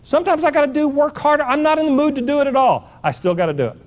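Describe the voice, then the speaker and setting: A man's voice: extremely high pitch, animated, very fast. A man giving a blunt, fired-up motivational keynote to a live audience, scolding and hammering points with repetition.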